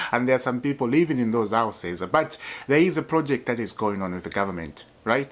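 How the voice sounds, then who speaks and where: A man talks to his channel viewers about his club in a loose, chatty way. He laughs often and repeats himself as he goes. His voice sits at an ordinary middle pitch. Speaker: football fan channel host. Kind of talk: casual vlog commentary.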